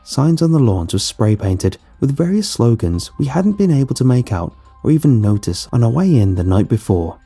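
A man narrating a first-person horror story in a steady, tense storytelling voice. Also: mid-range voice, normal speed, gravelly, breathy edge, faint music behind.

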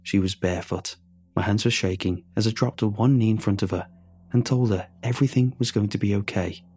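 Low-voiced man narrating horror. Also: warm tone, breathy edge. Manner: measured, somber storytelling.

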